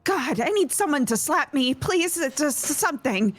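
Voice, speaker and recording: A woman's voice: sits high, animated, moderate pace, fairly bright tone, no echo. A woman playing a tabletop game who speaks in character in a flustered, stammering way. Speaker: player.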